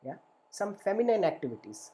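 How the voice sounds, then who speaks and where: A man's voice: sits high, very animated, a little fast, mellow. Middle-aged male therapist leading a talk; earnest, repetitive, checks in with listeners, acts out inner voices. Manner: earnest, repetitive, asks "right?" often. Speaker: therapist and workshop facilitator. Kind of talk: spoken teaching session.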